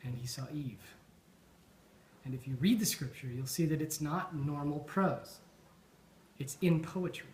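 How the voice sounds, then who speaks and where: Man, toast speaker at a supper; reflective, halting delivery with ums; slightly high voice; roomy, echoey hall sound. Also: slight background noise. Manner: thoughtful, with frequent ums and restarts. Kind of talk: informal after-dinner toast.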